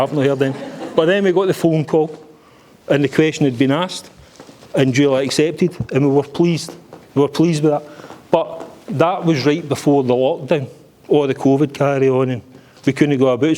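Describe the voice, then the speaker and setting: A middle-aged Scottish man gives a father-of-the-bride speech at a wedding reception, joking bluntly and swearing freely. His voice sits on the high side with a dark tone.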